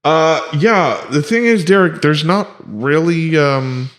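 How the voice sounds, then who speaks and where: A man's voice: a little high, takes it slowly. A man co-hosting a casual podcast, telling stories in a loose, profane way and acting out lines as he goes. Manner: animated, profane storyteller who acts out quotes. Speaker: podcast co-host.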